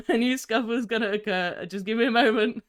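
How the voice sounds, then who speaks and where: A woman's voice: fairly high pitch, a little fast. A young woman chatting casually on her first live stream, giggly and easily distracted, a little tired.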